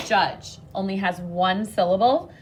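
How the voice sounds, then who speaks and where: A woman teaching a phonics lesson to children on video, patient and encouraging, speaking slowly and clearly. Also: medium pitch, a little hiss or hum.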